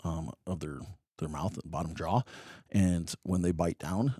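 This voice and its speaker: A man's voice: sits low, unhurried, dark tone, breathy edge, no room sound, studio quality. A man chatting casually as a podcast guest, telling stories with many ums and a joking manner. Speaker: reptile expo guest.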